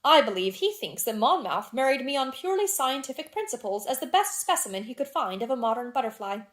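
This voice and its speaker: A woman reading the part of a lively young duchess in a classic novel, chatting in playful society banter. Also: high voice, brisk, voice pushed up. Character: lively, teasing young aristocratic Victorian duchess.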